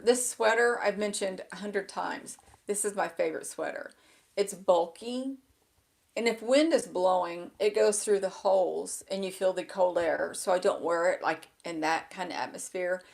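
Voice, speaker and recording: Woman vlogger with a crackly, gravelly fry, chatting aimlessly and poking fun at herself, seated at home. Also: lowish voice. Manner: rambling and self-deprecating, loses her train of thought. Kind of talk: casual chat to camera. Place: indoors at a table with a laptop. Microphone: small handheld microphone.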